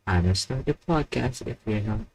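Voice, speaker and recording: A man hosting a casual live podcast stream on his own, playful and self-mocking, swinging from loud outbursts to mumbles. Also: fairly low pitch, lively intonation, moderate pace, slight background noise, rough recording. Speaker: podcast host.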